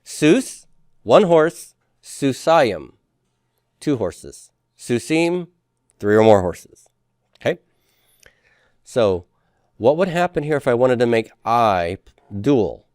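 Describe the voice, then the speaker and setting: A man's voice: mid-range voice, sing-song, slow pace, long pauses, a little mellow, clean tone, no echo, clean studio sound. A man teaching a class in a lecture style, explaining step by step and often checking with the students. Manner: explanatory, asks checking questions, frequent fillers.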